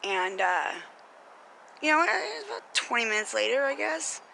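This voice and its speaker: Woman, American, vlogger, indignant chatty rant, gravelly tone, faint background noise. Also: high-pitched, big pitch swings, normal speed, pushed and bright, rough recording. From United States. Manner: chatty, indignant, heavy filler use. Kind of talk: casual storytelling rant.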